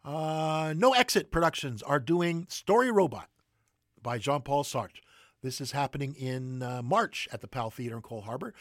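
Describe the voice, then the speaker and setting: A man's voice: mid-range voice, animated, a bit bright, no echo, studio quality. A man hosting theater announcements, reading them casually with many fillers and restarts. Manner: halting, many fillers and self-corrections. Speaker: theater news host.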